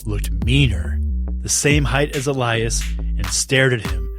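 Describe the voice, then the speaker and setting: A man narrating a children's story in an expressive, unhurried way. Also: mid-range voice, music in the background.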